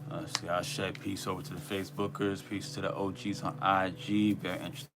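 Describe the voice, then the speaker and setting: A man's voice: low voice, little pitch movement, fairly quick, over music. A man co-hosting a spirituality show in a loose, rambling way, with many restarts and fillers. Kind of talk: casual spiritual talk and Q and A.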